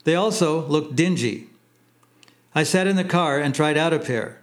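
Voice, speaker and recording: A man reading his memoir aloud in plain, unhurried storytelling. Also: a little high. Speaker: narrator. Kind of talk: memoir audiobook narration.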